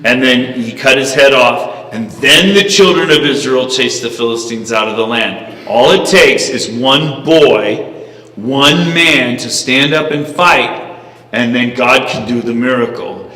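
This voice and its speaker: A man telling a rousing story to an audience, animated and preachy, heard from far off in a reverberant hall. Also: mid-range voice, measured pace. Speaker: speaker. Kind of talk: storytelling speech.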